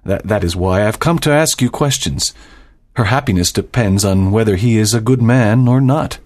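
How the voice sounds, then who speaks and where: A man's voice: lowish voice, moderate pace, a little mellow, close to an everyday voice. A man voicing a stern, proud doctor and father in a dramatized audiobook, speaking formally and with emphasis.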